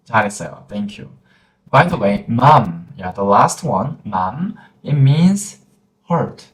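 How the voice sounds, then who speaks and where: A man with a Korean accent teaching pronunciation in a gentle lesson, repeating each sound slowly. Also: mid-range voice, big pitch swings. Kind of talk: slow, patient pronunciation lesson. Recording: roomy echoey room.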